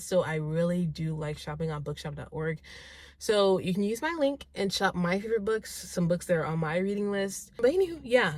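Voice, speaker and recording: A woman's voice: on the low side, a little mellow, dry recording. A young woman vlogging casually to camera, chatty and enthusiastic, often rambling and correcting herself. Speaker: vlogger answering viewer questions. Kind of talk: casual talking-to-camera vlog.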